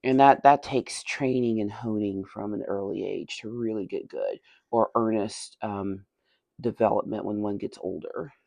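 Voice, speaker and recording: A woman's voice: extremely low pitch, normal speed, vocal fry, mellow, dry recording. A chatty woman with a Tennessee Southern accent, talking through her miniature painting. She laughs often and mutters and whispers to herself as she works. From Tennessee, USA. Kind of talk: casual hobby vlog.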